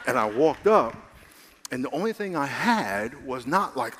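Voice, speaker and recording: A man preaching a sermon as a pastor, animated and calling for amens, his voice rising to excited shouts. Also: medium pitch, normal speed, slight background noise. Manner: calls for amens from the congregation. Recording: long hall reverb.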